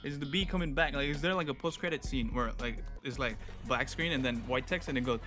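A man's voice: mid-range voice, fast. Playful young man streaming a game. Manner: playful, joking, laughs often. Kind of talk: casual live-stream gameplay chat. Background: game music.

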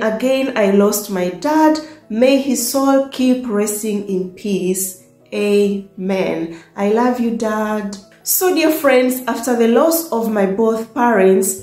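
A young woman from Tanzania telling a personal story to her viewers, often laughing between sentences. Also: a little high. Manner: warm, laughs often, emotional at times. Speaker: vlogger. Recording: echoey room with faint music.

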